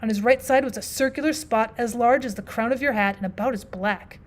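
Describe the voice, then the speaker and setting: A woman teacher narrating a classic story aloud, expressive and lively, dropping in casual asides. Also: a little high, fairly quick. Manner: expressive, with frequent "well" asides.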